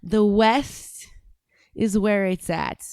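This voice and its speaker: A woman's voice: mid-range voice, drawn-out words, darkish tone, clear, resonant tone, dry recording. Brash, foul-mouthed American woman streamer. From United States. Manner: brash, profane and combative, often laughing. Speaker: reaction streamer reading chat. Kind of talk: casual reaction stream chat.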